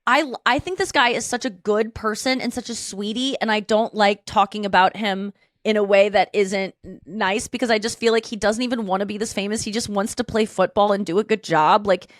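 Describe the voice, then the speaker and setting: A woman hosting a podcast chats casually, retelling a story in a rambling way with lots of restarts. Her voice is mid-range and fairly quick. The recording is dry, with clean studio sound.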